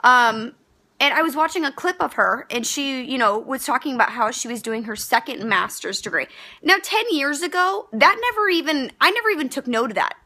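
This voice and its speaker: A young woman with a high, bright voice vents to her camera in a casual rant. She is pregnant and talks heatedly and bluntly, swearing freely and tripping over fillers and restarts. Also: animated, fairly quick. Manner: heated, frank and profane, with many fillers and restarts. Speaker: vlogger.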